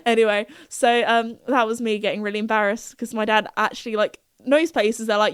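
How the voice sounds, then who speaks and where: Young woman podcasting, chatty and giggly, kinda high voice, smooth and dry sounding. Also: fairly even intonation, a little fast, few pauses, no echo. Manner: chatty, giggly storytelling with lots of fillers. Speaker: podcast host. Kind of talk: casual chat.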